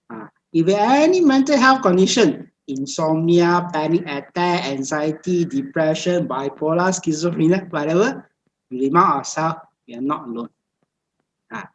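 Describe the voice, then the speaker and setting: A woman's voice: fairly low pitch, poor audio. A woman giving a Buddhist dharma talk over a video call, speaking in repetitive, list-like phrases with many hesitant fillers. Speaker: meditation teacher.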